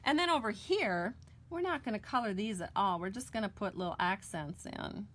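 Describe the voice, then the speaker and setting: A woman's voice: mid-range voice, lively intonation, moderate pace, fairly bright tone, a little hiss or hum. A middle-aged woman with an American accent, chatting casually and correcting herself as she demonstrates card-making step by step. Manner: chatty, homey and self-correcting while coloring. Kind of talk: casual crafting tutorial with chat.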